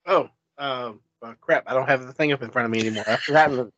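A man's voice: medium pitch, quick pace, a bit bright, dry recording, highs cut off. A man chatting casually as a podcast co-host, easygoing with dry humor. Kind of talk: casual chat.

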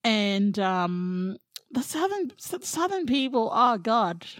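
A woman's voice: fairly high pitch, big pitch swings, slow pace, dry recording, clean studio sound. A woman chatting casually, giggling often and hesitating with fillers. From Australia. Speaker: podcast co-host. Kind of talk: casual chat.

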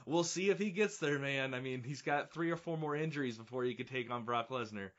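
Bright-voiced excitable man, podcast co-host. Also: mid-range voice, fairly quick, lo-fi sound. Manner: excitable, laughs often. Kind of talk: casual wrestling review chat.

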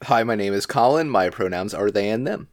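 Very deep-voiced deadpan co-host man. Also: a little fast, no room sound, clean studio sound. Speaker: podcast co-host. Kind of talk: casual chat.

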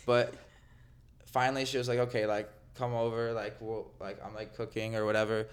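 A man's voice: fairly low pitch, little pitch movement, a little fast, clean tone. A young man, a podcast guest, telling a dating story in casual chat with lots of filler words. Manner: rambling storyteller, many fillers.

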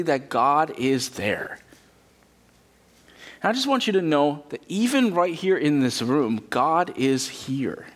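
Animated conversational man preaching a sermon. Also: fairly high pitch. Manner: conversational, animated, acts out quotes in character. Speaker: pastor. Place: church.

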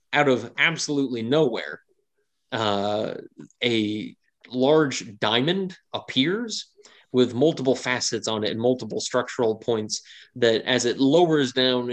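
Man narrating a fantasy game, full of fillers. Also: mid-range voice. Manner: descriptive, rambling with many fillers. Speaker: game master.

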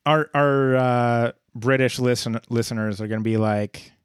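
A man co-hosting a podcast, his voice sitting at an ordinary middle pitch. He rambles, restarts his sentences and fills pauses with uhs. It is recorded close and dry, with no room sound. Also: fairly even intonation, clean tone, dry recording. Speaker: podcast co-host. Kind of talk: casual chat recapping episodes.

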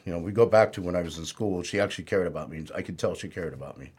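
A man's voice: sits low, very fast, darkish tone, slightly rough. A man speaking as an interview guest, telling his life story in a plainspoken, rambling way with lots of "you know".

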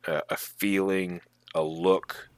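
A man co-hosting a podcast, chatting casually about tabletop gaming in animated, emphatic bursts. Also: sits low, takes it slowly, dry recording. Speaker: podcast co-host.

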